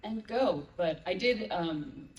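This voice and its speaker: A woman's voice: fairly low pitch, expressive, slow pace. Laughing woman on a panel in a hall. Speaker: audiobook narrator, panel guest. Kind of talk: casual anecdotal chat. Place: large convention panel room. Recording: echoey hall, distant mic.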